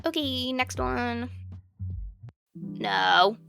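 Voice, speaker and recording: A young woman with a slightly high voice rambles through her reactions, dropping into low mutters and then breaking into loud, exasperated outbursts. Clear guitar music plays under her voice the whole time. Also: drawn-out words. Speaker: video creator reacting to posts. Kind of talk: casual reaction commentary.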